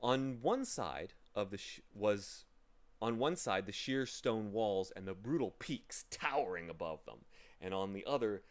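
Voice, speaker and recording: A man reading a children's novel aloud with slow, dramatic narration. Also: lowish voice, animated. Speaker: reader. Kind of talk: storybook reading.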